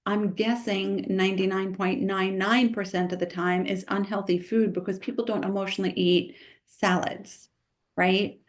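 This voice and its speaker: An emphatic woman nutritionist talking in a podcast interview. She speaks quickly and with conviction, and she punctuates her points with "right?" as she goes. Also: mid-range voice, flat delivery. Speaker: nutritionist guest.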